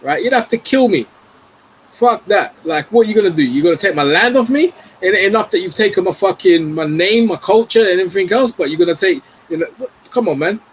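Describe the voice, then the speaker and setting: A man from the UK argues forcefully on an online debate panel, swearing and pressing to finish his point. His voice sits a little high, with a faint hiss of background noise behind him. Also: lively intonation, fairly quick. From United Kingdom. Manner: forceful, argumentative, profane, insists on finishing.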